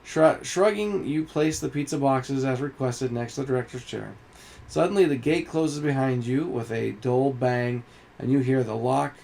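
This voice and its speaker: A man reads a puzzle game's story aloud to his viewers at a measured pace, now and then tripping over a word and correcting himself. His voice has a gravelly edge at a middle pitch. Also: darkish tone. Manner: slow, deliberate reading with small slips. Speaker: game streamer. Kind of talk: reading game story aloud.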